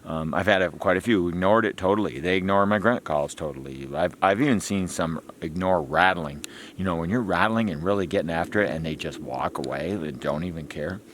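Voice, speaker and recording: A man's voice: low-pitched, fairly quick, a bit bright, a little hiss or hum. A man hosting a hunting video, explaining deer calls in a rambling, chatty way and laughing often. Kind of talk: casual instructional talk.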